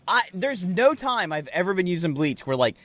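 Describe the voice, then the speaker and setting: A man co-hosting a podcast, rambling through animated, profane stories in casual banter. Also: sits high, moderate pace, dry recording. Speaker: podcast co-host.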